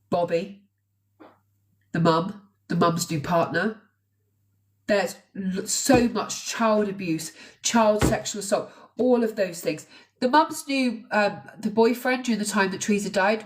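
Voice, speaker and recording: A woman hosting a true crime livestream, talking to viewers in a conversational, hesitant way with restarts and asides. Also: mid-range voice. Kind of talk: casual livestream commentary. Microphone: phone on a live stream. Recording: voice a little away from the mic.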